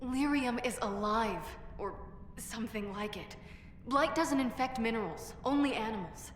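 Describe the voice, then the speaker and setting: A woman's voice: fairly high pitch, moderate pace, a little hiss or hum, close to an everyday voice. An actress playing a secretive, self-justifying female dwarf craftswoman in a video game. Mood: defensive. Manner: self-justifying, matter-of-fact. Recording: echoey game dialogue with long reverb.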